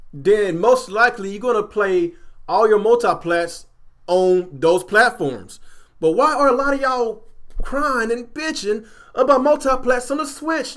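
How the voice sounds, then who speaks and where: A man hosting a casual gaming livestream from home, ranting with animated energy and talking straight to his chat. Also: extremely high pitch. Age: adult, a father. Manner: animated, repetitive, addresses chat directly.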